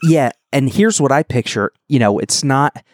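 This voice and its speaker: A man co-hosting a podcast in relaxed, joking casual chat. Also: mid-range voice, moderate pace, a little hiss or hum. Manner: joking, rambling. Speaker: podcast co-host.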